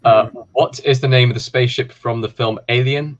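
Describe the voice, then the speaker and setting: A man hosting a film quiz, reading questions and answers with relaxed, chatty asides. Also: mid-range voice, a little fast, highs cut off. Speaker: quiz host.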